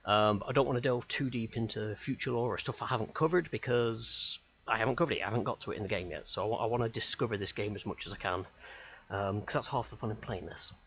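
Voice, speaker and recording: Male streamer, low-pitched, chatty and self-mocking, dull lo-fi mic sound. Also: fast, fairly bright tone. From United Kingdom. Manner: chatty, rambling, self-deprecating. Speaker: game streamer. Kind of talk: live gaming stream chat.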